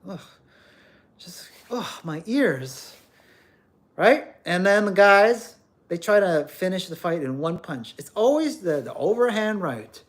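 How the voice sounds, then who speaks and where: A man's voice: high voice, animated, slow. A man hosting a livestream, ranting bluntly and emphatically, often repeating words as he scolds. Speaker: livestream host.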